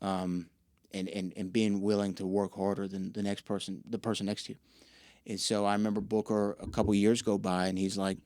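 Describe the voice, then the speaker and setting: A man's voice: lowish voice, fairly quick, dry recording, clean studio sound. A young man, a podcast guest, telling stories in a casual interview and acting out quoted dialogue. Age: young adult. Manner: animated storyteller who acts out quoted dialogue. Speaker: podcast guest, wrestling ring announcer.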